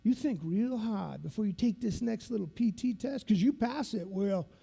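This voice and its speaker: A man voicing a grizzled older male Navy SEAL instructor with a gravelly voice, who talks in a slow, folksy drawl. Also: sits high, lively intonation, mellow, exaggerated voice. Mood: menacing, folksy.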